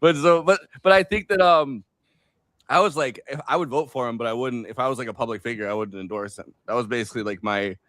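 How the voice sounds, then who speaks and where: A man's voice: mid-range voice, fast, a bit bright, dry recording. A man co-hosting a casual political chat, rambling through his take with many restarts. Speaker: co-host.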